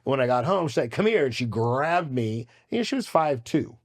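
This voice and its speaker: Man, podcast host, animated storyteller, swears a lot, casual chat. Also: medium pitch, moderate pace.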